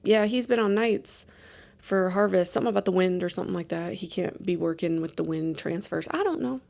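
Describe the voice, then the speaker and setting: A woman in her late thirties, hosting a podcast and telling stories in a chatty, animated, self-deprecating way. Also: lowish voice, fairly quick, creaky. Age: late 30s. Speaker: podcast host. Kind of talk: casual storytelling chat.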